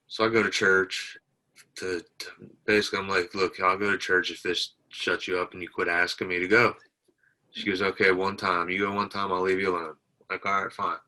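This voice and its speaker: In a low-quality recording, a deep-voiced man with a sharp tone, a military veteran, tells his story as an interview guest. He's plainspoken and retells conversations line by line, saying "I said" over and over.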